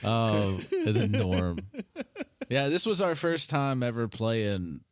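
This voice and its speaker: A man co-hosting a casual podcast chat, halting and chuckling as he talks. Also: mid-range voice, very animated, dry recording. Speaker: podcast co-host.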